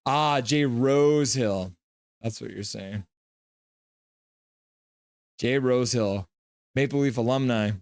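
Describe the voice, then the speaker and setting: A man's voice: medium pitch, clear, resonant tone, no room sound. A man hosting a live stream, reading viewer comments aloud and giving jokey, chatty play-by-play of a hockey game.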